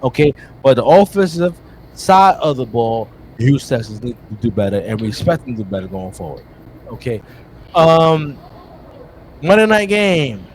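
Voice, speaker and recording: A man co-hosting a casual sports podcast, talking in an animated, teasing way and calling out players directly. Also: mid-range voice, brisk, slight background noise. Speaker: co-host.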